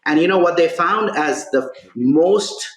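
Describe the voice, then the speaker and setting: A man's voice: on the high side, expressive, a little slow. A male podcast guest and author telling a story in conversation, peppering his talk with "right?" and "you know". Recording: roomy echo.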